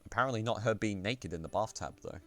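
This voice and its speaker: Deep-voiced man reading a visual novel. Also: fast, a bit bright, soft background music. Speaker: streamer.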